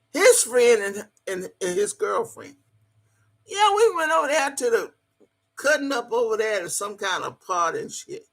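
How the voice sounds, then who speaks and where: Gravelly profane older woman. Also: medium pitch, pushed and bright. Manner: blunt, cussing, emphatic. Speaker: vlogger. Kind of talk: profane storytelling monologue.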